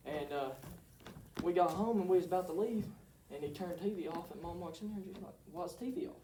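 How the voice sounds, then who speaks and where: A teenage boy giving a halting, shy testimony in church, laughing between phrases. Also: sits high, dark tone. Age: teens. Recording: echoey church, distant mic, background noise.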